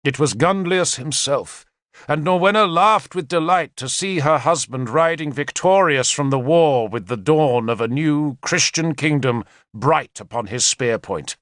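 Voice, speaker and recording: A man reading a historical novel aloud as narrator, in a measured first-person storytelling manner. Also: a little high, dry recording, studio quality. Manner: measured storytelling with lively intonation. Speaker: audiobook narrator.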